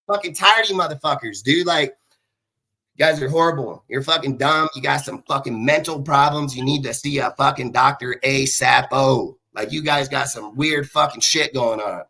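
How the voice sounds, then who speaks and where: A man's voice: medium pitch, moderate pace. A man in his thirties hosting a show, ranting angrily and profanely at his critics. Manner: profane, combative, shouting at critics. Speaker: show host. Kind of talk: angry ranting monologue.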